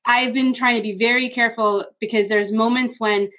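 A woman's voice: fairly high pitch, steady tone, normal speed, fairly bright tone. A woman hosting an interview, speaking casually with frequent fillers and self-reflection. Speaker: interview host. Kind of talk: casual chat.

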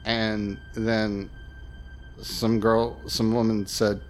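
A man playing in a tabletop game, describing his character in a casual, halting way. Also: mid-range voice, faint music behind. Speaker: player.

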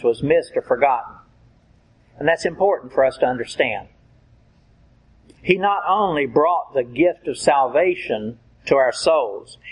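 A man delivering a sermon at a very unhurried pace, lingering over each phrase. His voice sits a little high and has a husky edge. He reads scripture and explains it with careful emphasis. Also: low-quality recording. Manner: slow, deliberate Bible preaching. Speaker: preacher.

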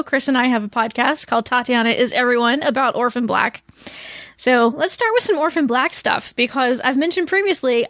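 A woman's voice: fairly high pitch, a bit bright, no echo. Chatty woman podcast host. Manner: chatty, laughs easily. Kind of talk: casual podcast chat.

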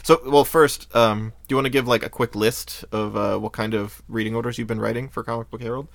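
A man's voice: medium pitch, steady tone, fairly quick, gravelly, no room sound. A man from the United States hosting a podcast in casual chat, loose and hesitant, often laughing through his words. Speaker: podcast host.

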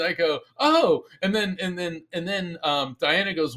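Animated male storyteller, lively delivery. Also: on the high side, normal speed, few pauses. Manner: animated storyteller, acts out quotes in raised voice. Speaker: psychic medium, author. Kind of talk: storytelling interview guest.

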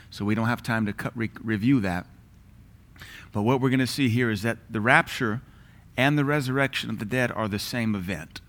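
A man's voice: mid-range voice, a bit bright. Earnest man teaching a Bible class. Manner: earnest, emphatic, slows and lifts his voice when reading scripture.

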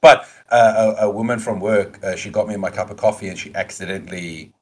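A man with an English South African accent, chatting casually on a podcast and telling animated stories with casual swearing. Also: on the low side, a little fast. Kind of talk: casual chat.

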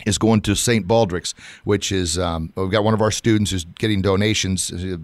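A man with a somewhat low voice tells stories earnestly in casual podcast talk. He laughs now and then. The sound is dry and close, with no room around it. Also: steady tone, normal speed, dry recording. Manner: earnest storytelling, laughs often. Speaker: podcast host, martial arts school owner. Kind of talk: casual conversation.

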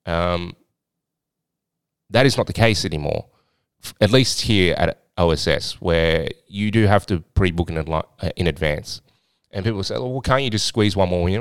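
In a studio-quality recording with no room sound, a swingers club owner from Australia hosts his podcast, bluntly rambling through a story with a bit of swearing. His voice is deep with a clean tone, and the chat is casual.

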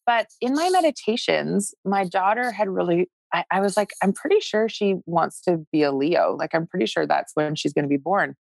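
Woman, 40s, low gravelly voice, earnest storyteller who acts out her own inner voice. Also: normal speed, hardly any pauses, dry recording. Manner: animated, acts out her own past thoughts. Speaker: guest sharing her fertility story. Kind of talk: emotional personal storytelling.

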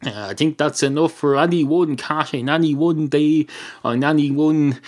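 A man's voice: a little high, moderate pace, a little mellow, pitched above the performer's own voice, close to an everyday voice. An Irish man voicing a sarcastic, irritable male barman who rambles and blusters at his customers. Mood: curt.

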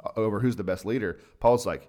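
A man co-hosts a conversational podcast in a lowish voice. He talks earnestly, often breaks off and restarts his sentences, and laughs readily with his co-host. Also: fast, dark tone. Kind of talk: casual chat.

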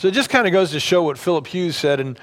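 Conversational male preacher, slightly high voice. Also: lively intonation, quick pace, a bit bright. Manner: conversational, many fillers and restarts. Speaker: pastor. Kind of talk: sermon.

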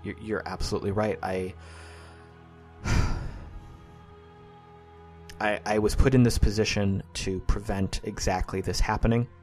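A man voicing a wounded, ashamed woman sea captain, apologizing quietly and haltingly in a tabletop game. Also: fairly low pitch, fairly even intonation, soft background music. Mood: remorseful.

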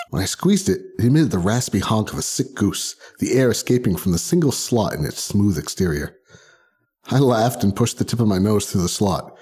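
A man's voice: deep voice, dark tone, slightly rough. A man narrating a short story in the first person, reading expressively and voicing the characters. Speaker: podcast narrator. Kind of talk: audiobook narration.

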